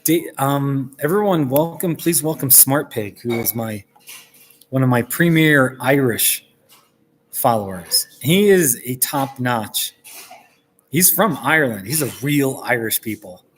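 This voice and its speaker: A man's voice: mid-range voice, expressive, a little slow, a bit bright, slight background noise, poor audio. A man chatting casually and rambling on a live stream from a coffee shop, chuckling often as he talks. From United States.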